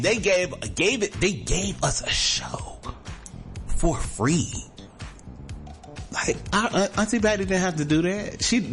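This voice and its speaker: A man's voice: on the high side, a bit bright. A man hosting a radio talk show, talking in a casual, emphatic way and repeating his phrases. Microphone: studio microphone.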